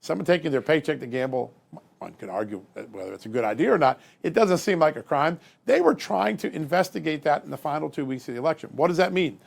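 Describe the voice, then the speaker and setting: A man's voice: on the high side, lively intonation, fast talker, creaky. A man giving emphatic political commentary as a guest, building his points with rising force.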